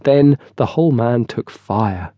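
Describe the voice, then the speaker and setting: A man narrating a historical novel in a steady, scripted storytelling style, close on a studio mic. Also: medium pitch, unhurried, no room sound, muffled recording. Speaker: audiobook narrator.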